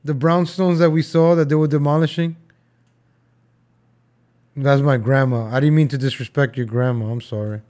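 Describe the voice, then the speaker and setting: A man's voice: mid-range voice, fairly even intonation, moderate pace, long pauses, darkish tone. A young man casually joking and rambling as he reacts to old film footage for his viewers. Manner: joking, rambling, talks to viewers as folks and guys.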